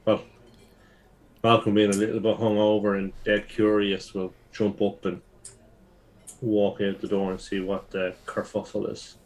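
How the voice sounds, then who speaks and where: A man with a lowish voice plays a tabletop game. He talks things through thoughtfully and turns polite when speaking in character. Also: completely flat delivery, measured pace, darkish tone. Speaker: player. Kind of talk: casual tabletop play.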